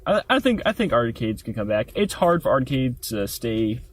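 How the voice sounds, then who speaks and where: A man's voice: medium pitch, big pitch swings, moderate pace. A young man guesting on a podcast, rambling goofily and laughing in a parked car. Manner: goofy, rambling, laughs often. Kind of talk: casual chat.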